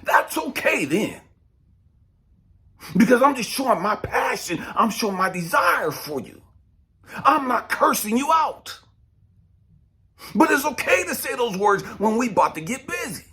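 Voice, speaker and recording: Blunt preachy man, lively pitch. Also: a little slow, pauses often. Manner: preachy and blunt, swings between loud and hushed. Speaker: spiritual coach. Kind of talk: motivational talk.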